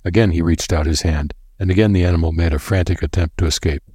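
A man narrating a story in a measured, even way. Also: low voice, breathy edge, dry recording, studio quality. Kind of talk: audiobook narration.

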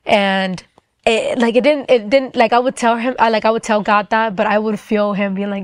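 A young adult woman gives a personal faith testimony in an earnest, halting way, with frequent fillers and restarts. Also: a little high, fairly even intonation, no echo, studio quality.

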